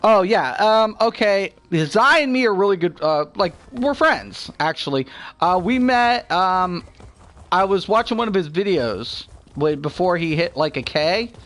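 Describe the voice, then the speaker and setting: A young man talks loosely to his stream while he plays, his voice sitting a little higher than most men's. He rambles from one thought to the next, swears freely, and laughs between points. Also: lively intonation, measured pace, fairly bright tone. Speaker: gaming streamer. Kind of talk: casual live-stream chat.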